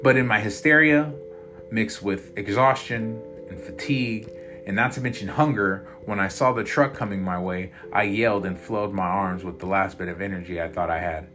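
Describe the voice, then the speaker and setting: A man narrating a dark first-person story in a dramatic, intense way. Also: on the low side, normal speed. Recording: loud guitar music behind.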